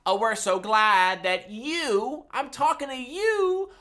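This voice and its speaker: A man teaching a livestreamed music class for small children, talking in an animated, sing-song way. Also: extremely high pitch, slow pace.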